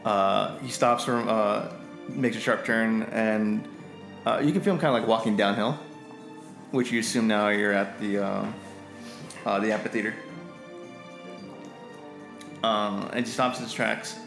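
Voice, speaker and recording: A man's voice: lowish voice, fairly even intonation, a little slow, gravelly, long pauses, fairly bright tone, roomy sound, faint music behind. A man narrating as game master in a casual, rambling way. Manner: casual, many fillers and restarts.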